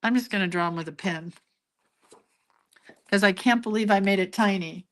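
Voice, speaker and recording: An older woman who teaches hand-lettering and doodling hosts a casual live drawing lesson, chatting and laughing at her own mistakes. Her mid-range voice has a fairly bright tone and moves at normal speed.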